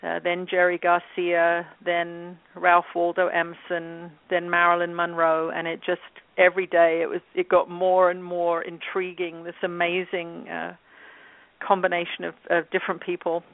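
A woman in her fifties from England, a guest telling her story in a relaxed interview with many fillers. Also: on the low side, normal speed, dry recording. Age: 50s. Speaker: guest, channel and author. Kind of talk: casual interview talk. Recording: tinny phone line.

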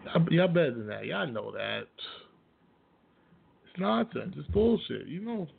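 Blunt profane male sports host, gravelly, slightly high voice, phone-thin sound. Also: sing-song, a little slow, a little hiss or hum. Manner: blunt, profane, laughs at opinions he mocks. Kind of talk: casual sports rant. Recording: tinny phone-like audio.

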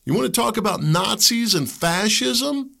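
A man's voice: high-pitched, lively intonation, unhurried, gravelly, pushed and bright. A man from the United States hosting a podcast of impassioned political commentary, fervent and preachy, firing rhetorical questions and repeating words when heated. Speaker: podcast host.

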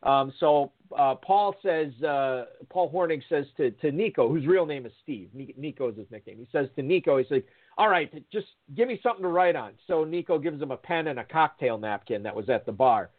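A man's voice: mid-range voice, fairly quick, few pauses. A man telling a long, rambling anecdote with many fillers and restarts, acting out the people he quotes. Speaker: guest storyteller. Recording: phone-line audio.

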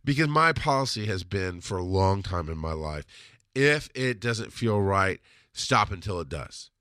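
Blunt, low-voiced man rambling through stories. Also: animated, unhurried, bright, forceful tone, no echo, clean studio sound. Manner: rambling, blunt, with frequent restarts and mild swearing. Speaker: podcast host. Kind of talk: casual storytelling monologue.

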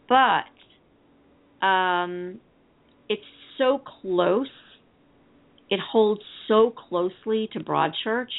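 A woman co-hosting a TV discussion show, chatting casually and rambling as she reads listener comments aloud. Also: deep voice. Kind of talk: casual chat. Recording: tinny phone-line sound.

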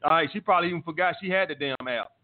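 Man, high voice, blunt and swearing, dating advice host, phone-like sound. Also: racing, a little hiss or hum. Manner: blunt, profane, repetitive. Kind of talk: live call-in show, answering listener messages. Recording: tinny phone-like line.

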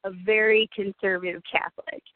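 A woman's voice: medium pitch, fairly even intonation, a little fast, dry recording. A woman in her forties, a radio guest, speaking candidly and emotionally and swearing freely. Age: 40s. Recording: tinny phone-like dry sound.

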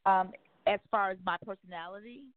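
A woman's voice: mid-range voice, brisk, dry recording. Outspoken cursing woman on a phone-like line. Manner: outgoing, outspoken, heavy cursing. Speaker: guest on a talk show. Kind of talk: casual candid conversation. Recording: phone-like dry narrow sound.

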